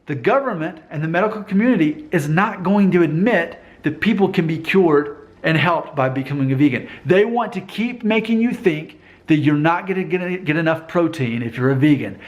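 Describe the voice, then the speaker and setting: A man talking straight to camera in a casual vlog monologue, emphatic and insistent, often repeating his points. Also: fairly high pitch. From United States. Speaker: vlogger.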